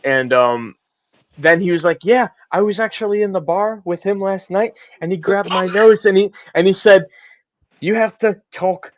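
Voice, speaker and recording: A man in a casual chat, retelling convention events in a quick, stumbling way. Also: high voice, dull audio, slight background noise.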